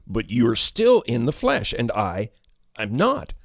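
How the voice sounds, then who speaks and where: A man voicing the sad, quiet ghost of a young man who speaks slowly and softly with a sigh. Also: mid-range voice, wildly swooping pitch, no echo, studio quality, heavily acted. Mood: sorrowful. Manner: slow, quiet, sighing.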